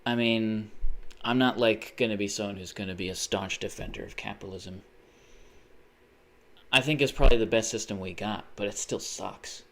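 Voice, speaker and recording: A young man chatting casually on a live stream. He rambles, swears often and bursts into sudden excited exclamations. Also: lowish voice, moderate pace, slight background noise. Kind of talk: casual livestream chat.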